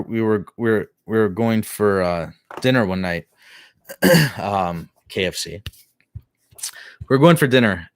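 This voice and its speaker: A middle-aged man talks casually to his live-stream viewers, his low voice circling back on itself with fillers and restarts. The sound is dry and close, with no room around it. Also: no room sound. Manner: rambling storytelling with many restarts and fillers.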